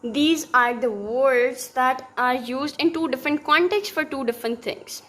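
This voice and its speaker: Slow high-voiced woman teaching linguistics. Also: fairly bright tone. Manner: explaining slowly, with many fillers and restarts. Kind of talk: recorded linguistics lecture.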